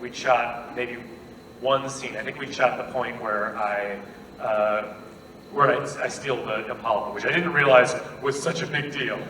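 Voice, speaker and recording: A man's voice: mid-range voice, steady tone, measured pace, sharp tone. A man answering fan questions at a convention panel, playful and self-deprecating, laughing often. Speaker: convention panel guest actor. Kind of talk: live convention Q&A, animated storytelling. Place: large convention hall. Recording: echoey hall recorded from far off, noisy.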